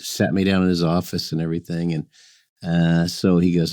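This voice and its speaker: A deep, mellow-toned man spinning an easygoing tale with a chuckle here and there. He talks like a chef guest on a chat show and keeps restarting his thoughts. His voice comes through dry and close. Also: fairly even intonation, moderate pace, no echo. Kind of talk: anecdotal storytelling in conversation.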